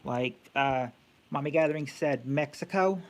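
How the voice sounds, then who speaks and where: A man's voice: on the high side, moderate pace. A man hosting a casual live-stream quiz game, thinking aloud with many fillers and restarts.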